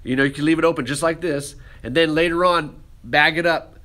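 A man's voice: fairly high pitch, fairly quick. A man teaching a ceramics class, talking casually while he demonstrates with his hands. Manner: relaxed, talks while working with hands.

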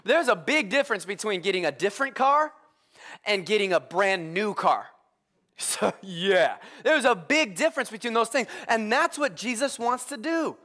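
Young male pastor, high voice, animated comic delivery. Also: moderate pace. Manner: animated comic storytelling with congregation call-outs. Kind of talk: humorous sermon. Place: church service with live congregation.

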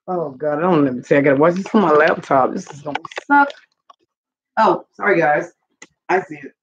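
A woman's voice: low-pitched, moderate pace, slightly rough. A woman hosting a casual live stream, rambling and gossiping with lots of profanity. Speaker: channel host. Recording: muffled lo-fi recording.

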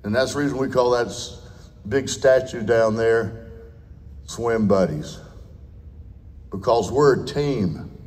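A man's voice: medium pitch, takes it slowly, pauses often, darkish tone. An older man giving a blunt, folksy, off-the-cuff speech at a veterans' dinner, with salty language. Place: large dinner hall. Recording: long hall reverb.

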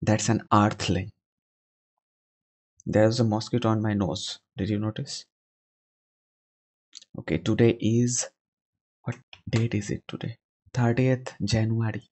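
A man's voice: fairly low pitch, level tone, slow pace, long pauses, a little mellow. Young guy in his twenties on a video chat, blunt questions, chatty. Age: 20s. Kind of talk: casual chat and voice-over commentary. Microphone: video call.

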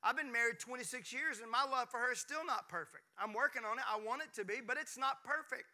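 A man's voice: very high-pitched, fast. A man, preaching a sermon with jokes and calls to the congregation. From Mississippi, US. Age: 50s. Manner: preaching with call-and-response to the congregation; animated, jokes and playful asides. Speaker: pastor.

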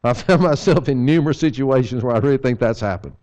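A man's voice: medium pitch, lively intonation, fast talker, a little mellow. A man preaching an evening sermon in a church, folksy, with rhetorical questions and humorous asides.

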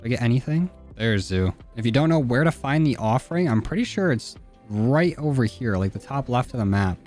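A young man giving casual, profane commentary while playing a game, talking to the characters on screen and yelling when things go wrong. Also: mid-range voice, lively intonation, a little fast, faint music behind. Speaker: gaming YouTuber. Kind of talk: live gameplay commentary. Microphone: studio dynamic mic.

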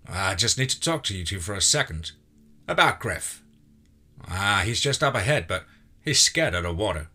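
A man's voice: fairly low pitch, very animated, moderate pace, full character voice. A man voicing a drunk, menacing uncle who slurs and sways, sing-song one moment and snarling the next. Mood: wheedling. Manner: loud, slurred and sing-song, then snarling.

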